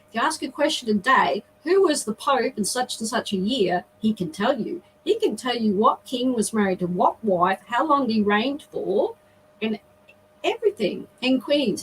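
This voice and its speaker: Middle-aged lady on a video call, emotional and earnest, keeps restarting, slightly high voice. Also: a little hiss or hum, rough recording. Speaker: guest. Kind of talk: personal storytelling.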